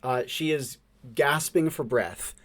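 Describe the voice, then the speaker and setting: A man running a tabletop role-playing game as game master, describing scenes with fillers and hushed dramatic drops. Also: medium pitch, takes it slowly.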